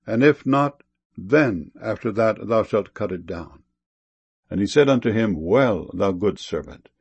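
A man giving a solemn, measured scripture reading with a gravelly, husky voice. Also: lowish voice, darkish tone, highs cut off. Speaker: scripture reader.

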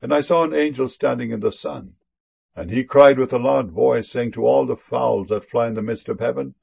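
A man reading King James scripture aloud in a solemn, measured way. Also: medium pitch, gravelly, darkish tone, slightly rough.

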